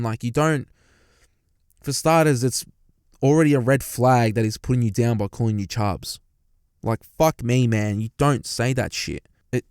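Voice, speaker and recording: A man's voice: medium pitch, clean tone, no room sound, studio quality. A young man ranting heatedly in his car, swearing often and talking straight to his listeners. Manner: heated, swearing, animated, talks to listeners directly. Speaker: commentator reacting to a story. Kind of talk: profane reaction rant. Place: inside a parked car.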